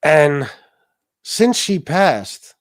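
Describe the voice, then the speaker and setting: A man's voice: on the high side, sing-song, drawn-out words. A man hosting his own talk show, speaking casually and emotionally, rambling with restarts, asides and the odd swear word. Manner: profane. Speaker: political talk show host. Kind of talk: casual live-stream talk.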